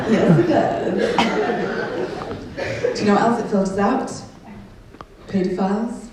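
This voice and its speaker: Heard from somewhere in the audience, a Welsh woman with a mid-range voice does cheeky, chatty stand-up and pokes fun at the crowd. The live concert-hall recording is distant and echoey, with people laughing around her.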